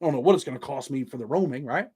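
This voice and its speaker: A man's voice: medium pitch, racing, darkish tone, breathy edge. A middle-aged man hosting his own channel, talking to viewers in a blunt, streetwise and profane way. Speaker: YouTube channel host. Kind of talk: casual monologue to viewers.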